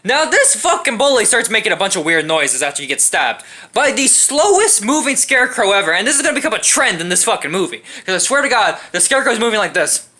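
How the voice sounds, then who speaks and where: A woman's voice: mid-range voice, sing-song, quick pace, hardly any pauses, sharp tone. A young woman in a casual comedic movie rant, profane and sarcastic. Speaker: movie reviewer.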